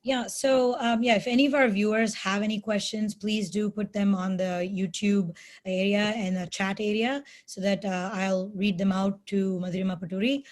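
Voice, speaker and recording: A woman's voice: medium pitch, fairly even intonation, normal speed. A woman hosting an immigration webinar, talking conversationally and checking in with "right?" and "you know". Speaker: webinar host. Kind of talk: hosted webinar discussion. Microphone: video call.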